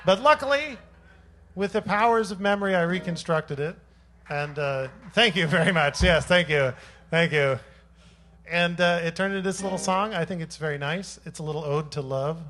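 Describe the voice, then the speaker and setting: A man's voice: on the high side, fairly bright tone, slight background noise. A man who writes songs, joking and telling a playful story to a club audience between numbers. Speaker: singer-songwriter. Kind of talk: stage banter between songs. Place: small jazz club on stage.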